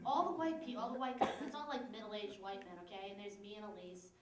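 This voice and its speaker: A young woman telling a sarcastic, animated story on a live comedy stage, laughing often, recorded from a distance with a loud audience. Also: medium pitch, fast talker, roomy sound, noisy background. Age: young adult. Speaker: stand-up comedian. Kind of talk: stand-up storytelling.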